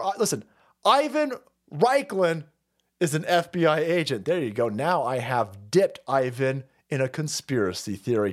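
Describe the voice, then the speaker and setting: A man runs a political commentary stream full of profanity and mockery. He laughs and swears as he mocks, his volume swinging between loud and low.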